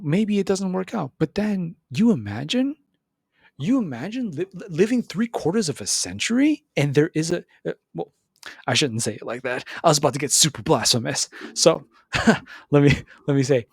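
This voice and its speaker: Gravelly man giving a motivational talk. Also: moderate pace, no echo, studio quality. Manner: animated, repeats words, acts out voices with big pitch jumps. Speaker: podcast host. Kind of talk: motivational monologue.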